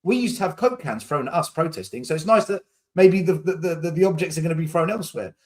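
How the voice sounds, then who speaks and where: A man's voice: a little high, expressive, quick pace. A man, hosting a podcast, arguing heatedly in casual debate and repeating words when he gets pressed. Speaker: podcast host.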